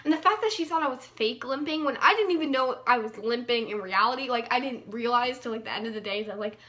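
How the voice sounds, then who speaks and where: A woman's voice: on the high side, quick pace, bright, forceful tone. A young woman vlogger casually telling a personal story, chatty, with lots of fillers and playful emphasis.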